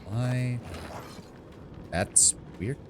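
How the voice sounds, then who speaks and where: A man's voice: mid-range voice, extremely slow, background noise. A man streaming a game live, rambling casually to himself and his viewers and swearing now and then. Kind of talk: casual live gameplay commentary. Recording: loud game music behind the voice.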